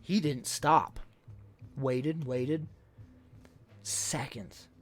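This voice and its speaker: A man's voice: fairly high pitch, moderate pace, soft background music. A man streaming live, casually telling stories to his chat and acting out what people said. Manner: animated, acts out quotes loudly. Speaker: livestreamer.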